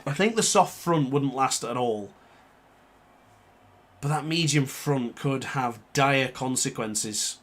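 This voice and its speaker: Speaking slowly in a mid-range voice, this gaming YouTuber comments live on a racing game. He's frustrated, often muttering and chastising himself. Behind his voice are the engine noise and motorbike sounds of the game.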